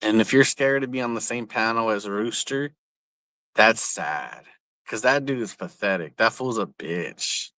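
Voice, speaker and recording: A man's voice: on the low side, lively intonation, unhurried, bright, forceful tone, dry recording. A young man from San Jose, California, ranting bluntly and profanely on a casual livestream, often repeating himself, speaking outdoors. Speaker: livestream host.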